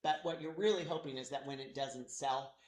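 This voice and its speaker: A man leading a real estate office meeting in a loose, halting way, with many restarts. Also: mid-range voice, slight background noise. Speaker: brokerage meeting leader. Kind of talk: casual office meeting talk. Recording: echoey meeting room.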